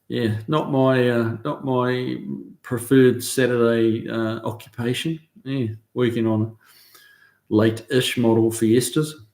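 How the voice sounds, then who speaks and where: A middle-aged man with a New Zealand accent, hosting a casual live stream from his car shop, reading out viewer comments in a relaxed, chatty way full of ums and uhs. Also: medium pitch, slow.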